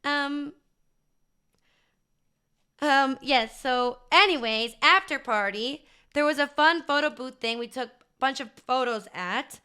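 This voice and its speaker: Bubbly, bright-voiced young woman streamer. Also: sits high, slow pace, smooth. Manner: bubbly, gushing, chatty with many fillers. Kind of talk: casual chat to a live chat audience.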